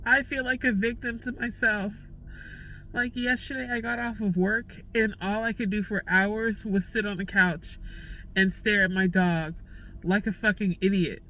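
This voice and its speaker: A woman's voice: medium pitch, fairly even intonation, measured pace, sharp tone, slight background noise, low-quality recording. A young woman vlogging candidly, venting raw frustration in casual slang. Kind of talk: candid personal vlog.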